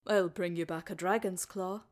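A woman's voice: fairly low pitch, fairly even intonation, normal speed, close to an everyday voice. A woman voicing a kindly, stubborn old deaf male dwarf healer with homely, folksy speech. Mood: gentle, reassuring.

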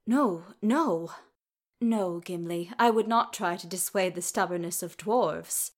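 Brief: soft-spoken formal elf man, read by a woman, halting, slow storybook delivery. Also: fairly low pitch. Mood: earnest. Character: young male elf, gentle, formal, hesitant. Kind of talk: audiobook character reading.

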